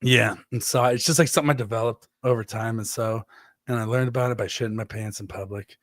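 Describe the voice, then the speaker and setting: A man in his thirties co-hosting a podcast, telling stories in an animated way, acting out quotes and swearing freely. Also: medium pitch, fast talker, dry recording, clean studio sound. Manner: animated storytelling, acts out quotes in exaggerated voices, swears freely. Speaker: podcast co-host. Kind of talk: casual chat.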